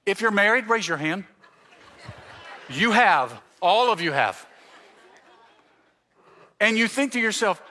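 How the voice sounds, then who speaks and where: A pastor from the Mississippi Gulf Coast preaching a sermon, telling stories and acting out the dialogue in them. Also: male voice, sits high, big pitch swings, slow pace, long pauses, bright, forceful tone. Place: church sanctuary.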